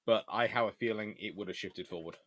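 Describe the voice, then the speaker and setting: Low-voiced man chatting through viewer questions. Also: brisk, fairly bright tone. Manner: reads viewer questions aloud and answers offhand, eating between remarks. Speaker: host and naval historian. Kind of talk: casual live Q&A chat.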